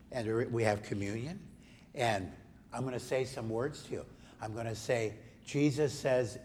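A man, a pastor, gently leading a children's message during a church service. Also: medium pitch, a little hiss or hum. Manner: gentle, coaxing, talks to children. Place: church sanctuary.

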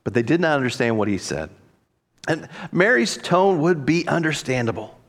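A man's voice: a little high, sing-song, moderate pace, a bit bright. A man, a pastor, delivering a reflective sermon and voicing quoted dialogue expressively.

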